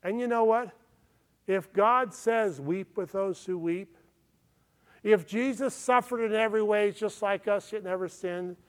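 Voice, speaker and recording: A man pastor preaching a sermon in an earnest manner, often checking in with his listeners. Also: high-pitched. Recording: long hall reverb.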